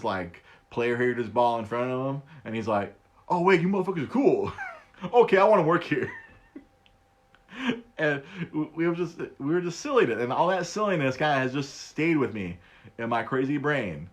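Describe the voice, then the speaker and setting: A podcast host in his thirties runs a casual solo show, animated and at a normal speed. He laughs a lot, stammers and repeats words, and pitches his voice up high for quoted bits.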